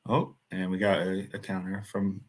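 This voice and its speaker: American man, very low voice, casual watchalong banter, frequent laughs. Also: completely flat delivery, normal speed. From United States. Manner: laughs often, loose rambling banter. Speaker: watchalong co-host. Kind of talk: casual match commentary chat.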